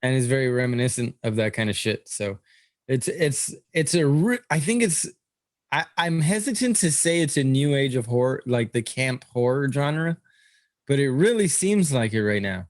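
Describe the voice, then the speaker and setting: A man's voice: medium pitch, lively intonation, normal speed, no echo, studio quality. A man co-hosting a podcast in casual chat, rambling with lots of fillers, restarts and swearing. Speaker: podcast co-host.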